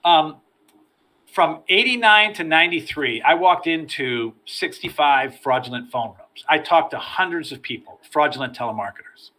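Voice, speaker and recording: A middle-aged man tells stories from his career as an interview guest, animated and given to repeating words at the start of his sentences. His voice sits a little high and sounds bright and forceful, with a pushing energy behind it. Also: moderate pace. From United States. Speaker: interview guest, former FBI agent. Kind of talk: storytelling in a podcast interview.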